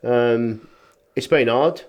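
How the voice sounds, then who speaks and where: A man, a rubbish clearance business owner chatting as a podcast guest, telling stories and acting out what people said. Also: mid-range voice, takes it slowly, a little mellow, highs cut off. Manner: plain, informal speech. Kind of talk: casual podcast chat.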